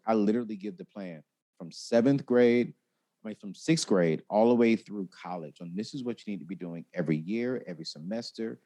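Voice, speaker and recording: A chatty male guest, a personal finance expert, relates money lessons during an interview in a fairly low voice. His storytelling is animated, with lively vocal swings, and he acts out the people he quotes. He sounds expressive and relaxed.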